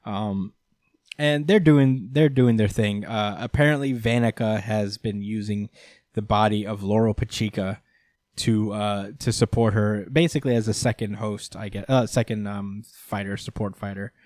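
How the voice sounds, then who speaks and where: A man's voice: on the low side, steady tone, normal speed, darkish tone, no room sound, studio quality. A man in casual chat, recapping a comic chapter, chatty and laughing often.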